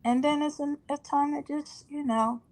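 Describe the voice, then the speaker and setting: A woman's voice: sits high, fairly even intonation, moderate pace, a little mellow, rough recording. A middle-aged woman, a caller on a live chat, talking things through in a polite, chatty way. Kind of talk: casual chat.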